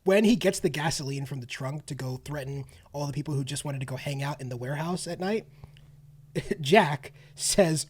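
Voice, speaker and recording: A man's voice: fairly high pitch, moderate pace, husky. A man co-hosting a podcast, retelling a film plot in a wry, casual way, laughing often and trailing off with ums. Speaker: podcast co-host. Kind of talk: casual film-review chat.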